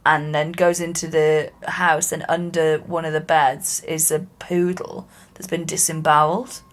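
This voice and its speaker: A woman's voice: deep voice, flat delivery, measured pace. A woman co-hosts a comedy podcast in a loose, sweary chat. She tells stories and slips into little voices for the people she quotes. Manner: sweary, storytelling, acts out quotes.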